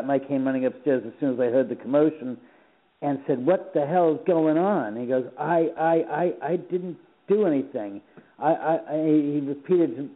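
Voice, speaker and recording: A middle-aged man from Los Angeles, a radio guest telling animated stories and acting out the dialogue, often repeating words as he goes. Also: mid-range voice. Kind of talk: phone interview, storytelling. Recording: tinny phone line.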